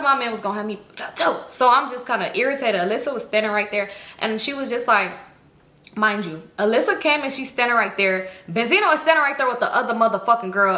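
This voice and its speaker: High, bright-voiced woman cursing freely. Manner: heavy cursing, animated retelling. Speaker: storytime vlogger. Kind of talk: casual storytime. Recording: roomy echo.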